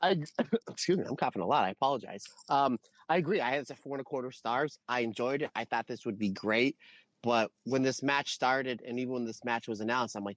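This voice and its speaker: A man co-hosting a podcast, talking through wrestling matches in a rambling, animated way. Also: medium pitch, fairly quick, no room sound. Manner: rambling, animated, lists names. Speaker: podcast co-host. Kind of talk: casual wrestling review chat.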